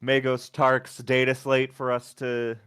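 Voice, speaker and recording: Brief: easygoing male player, smooth resonant voice, dry close sound. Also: mid-range voice, monotone, a little slow, fairly bright tone, no echo. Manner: easygoing, laughs often. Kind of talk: casual tabletop role-play.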